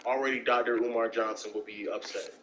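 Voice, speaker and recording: Guy storytelling on stream, lively voice that jumps around, a bit of background hiss. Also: a little fast. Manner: animated, acts out quoted voices with big pitch jumps. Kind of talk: casual storytelling chat.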